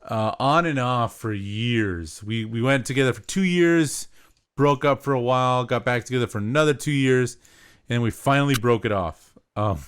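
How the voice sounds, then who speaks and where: A man's voice: medium pitch, normal speed, smooth. Young man, podcast co-host, casual storytelling, rambling, laid-back.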